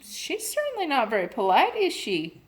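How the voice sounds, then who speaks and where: A woman voicing an excited, pleading little girl in a storybook reading. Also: high-pitched, normal speed, pitched above the performer's own voice. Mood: eager. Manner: eager, pleading.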